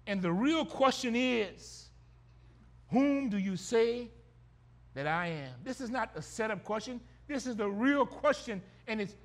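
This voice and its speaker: A man preaching a sermon, swinging between loud drawn-out exclamations and hushed low phrases, with emphatic repetitions. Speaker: pastor.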